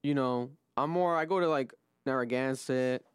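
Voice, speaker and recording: A man hosts a casual podcast in a middle-pitched voice. He rambles loosely, swearing often and trailing into fillers. The sound is dry and close. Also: normal speed, clean tone, dry recording. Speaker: podcast host.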